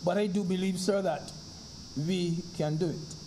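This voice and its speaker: High-voiced, unhurried Barbadian senator. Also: male voice, steady tone, warm tone, a little hiss or hum, poor audio. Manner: formal, deliberate. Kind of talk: parliamentary speech. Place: senate chamber.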